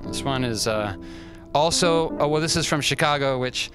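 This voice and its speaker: Rambling man hosting over background music. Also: medium pitch. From US West Coast. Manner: rambling, halting, self-deprecating, with many fillers. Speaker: livestream host. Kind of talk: casual livestream hosting, reading fan mail. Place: restaurant.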